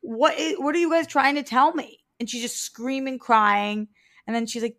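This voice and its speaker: A woman co-hosting a casual podcast chat, blunt and animated, swearing freely. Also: sits high, normal speed. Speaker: co-host.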